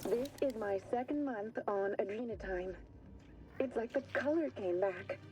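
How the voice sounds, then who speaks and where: A woman's voice: fairly high pitch, unhurried, background noise, natural voice. An actress playing a woman who relies on a work drug, speaking a wistful, uneasy game audio log. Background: game music.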